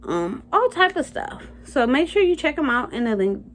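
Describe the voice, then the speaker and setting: A chatty woman vlogger walks through her coupons in a relaxed, talk-to-your-friends way. Her voice sits on the higher side, and she speaks straight to her viewers with playful asides. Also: normal speed, a little hiss or hum. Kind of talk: casual coupon review.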